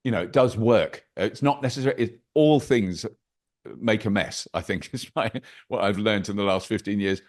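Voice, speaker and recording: An older man, a podcast guest chatting over a video call, animated and anecdotal with wry asides. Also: on the low side, moderate pace. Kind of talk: casual interview chat.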